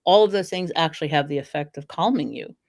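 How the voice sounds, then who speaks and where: A woman's voice: low voice, quick pace, no echo, clean studio sound. A middle-aged woman, a dog trainer and author, telling stories in a casual conversation and acting out the voices of the people in them. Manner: animated storyteller who acts out quoted voices.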